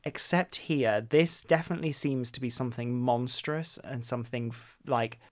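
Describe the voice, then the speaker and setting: A man's voice: medium pitch, moderate pace. A man co-hosting a casual book discussion podcast, wry and playful, often reading quotes aloud. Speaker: podcast co-host.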